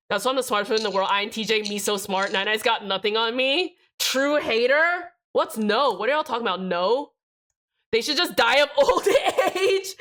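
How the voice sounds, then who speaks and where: A young woman livestreaming, talking straight to her chat in a loose, rambling way, swearing often as she works on a keyboard build. Her voice is bright and sits a little high for a woman. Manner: chatty, rambling, swears freely, addresses chat directly. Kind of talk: casual stream chat while building a keyboard.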